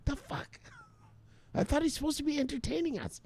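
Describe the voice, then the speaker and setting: A man voicing an imagined new viewer who mocks him in a high, incredulous tone. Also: expressive, fairly quick, creaky, a little mellow, exaggerated voice. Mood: mocking. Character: scoffing male new viewer mocking the host.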